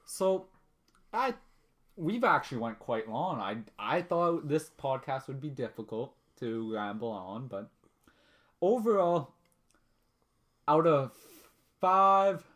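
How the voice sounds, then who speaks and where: A man co-hosting a casual podcast, retelling a story in a relaxed, unhurried manner. His voice sits at an ordinary middle pitch. He takes his time over each phrase. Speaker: podcast co-host.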